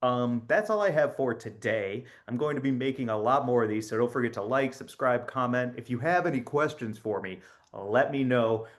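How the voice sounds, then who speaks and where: A man playing a chipper, rambling spokesman for a spy agency in a satirical comedy monologue, offhand and deadpan with many fillers. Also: mid-range voice, moderate pace, natural voice. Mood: cheerfully deadpan.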